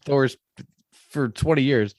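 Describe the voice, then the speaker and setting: A man's voice: mid-range voice, slow pace, darkish tone, no echo, studio quality. A man co-hosting a movie podcast in casual chat, rambling, laughing and acting out quotes. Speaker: podcast co-host.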